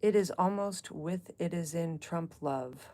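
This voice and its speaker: Low gravelly woman chatting live. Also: a little slow, warm tone. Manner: chatty, talks straight to chat viewers, drifts between topics. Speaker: livestream book club host. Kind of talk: casual live chat reading comments.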